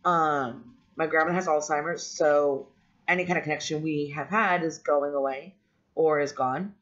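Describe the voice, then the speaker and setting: A woman's voice: sits low, steady tone, normal speed. A woman vlogger telling a personal story in a candid, rambling way, with frequent ums and restarts. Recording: dull lo-fi audio.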